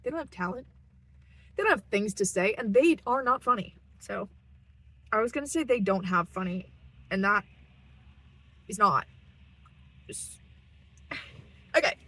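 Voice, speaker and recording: A woman's voice: medium pitch, expressive, a little slow, long pauses, sharp tone, no room sound, rough recording. A young woman chatting to camera from her parked car, rambling and self-deprecating with giggles. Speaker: vlogger. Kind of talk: casual rambling monologue.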